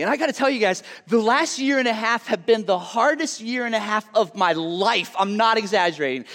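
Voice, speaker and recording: A man giving a casual sermon to a live audience. He chats in an animated way with lots of "like" asides, then drops to a soft, hushed tone for earnest appeals. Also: sits high, fairly quick, hardly any pauses. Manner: chatty and animated, full of "like" asides. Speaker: youth speaker. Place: large hall with a live audience. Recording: long hall reverb.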